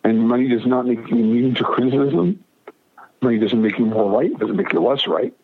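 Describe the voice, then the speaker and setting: A man's voice: mid-range voice, fairly quick, a little hiss or hum. A man telling a personal story as an interview guest, emphatic and often repeating or restarting his phrases. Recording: narrow phone-like radio audio.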